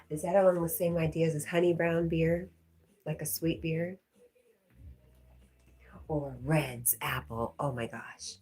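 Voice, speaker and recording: Low-voiced chatty woman streamer. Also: normal speed, darkish tone, breathy edge. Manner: chatty, talks to her dog and viewers, laughs often. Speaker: livestream host reading chat. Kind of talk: casual chat livestream.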